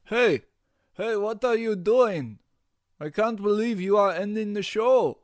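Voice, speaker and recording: A pushy, self-satisfied stereotype Russian man, put on by a man for a comedy bit, in a deliberately bad Russian accent. His voice sits well above an ordinary man's, and it sounds dry and close with no room around it. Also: high-pitched, dry recording, soft background music, pitched above the performer's own voice. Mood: indignant.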